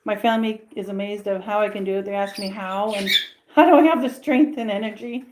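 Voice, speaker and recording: Woman host, casual rambling livestream chat, bird room with birds clearly audible. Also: medium pitch, fairly quick. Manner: chatty, rambling, coos at her birds. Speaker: pet channel host. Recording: clear bird noise in the background. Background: birds chirping and squawking.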